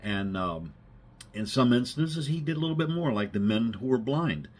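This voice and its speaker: A male preacher delivers a casual sermon with a husky, slightly rough voice. His pitch swings widely as he talks, and he keeps it conversational and folksy, checking in with his listeners for amens. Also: animated, moderate pace, a little mellow. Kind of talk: informal sermon.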